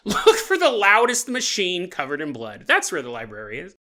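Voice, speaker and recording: A male podcast host spinning a comic, interactive story. His pitch swings widely as he acts out little scenes, and he laughs often mid-sentence. His tone is bright and forceful. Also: sing-song, a little fast.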